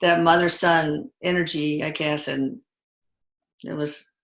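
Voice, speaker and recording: A woman hosting the show, chatting casually and telling stories in an animated way. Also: deep voice, slow. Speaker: host. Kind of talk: casual conversation. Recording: echoey room.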